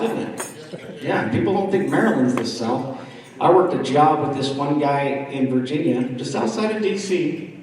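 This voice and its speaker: A man from the East Coast of the United States doing stand-up comedy at a dinner and chatting with the crowd. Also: on the high side. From East Coast of the United States, around Washington, D.C. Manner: chatty crowd work, often asking the audience questions. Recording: echoey hall, voice from far off.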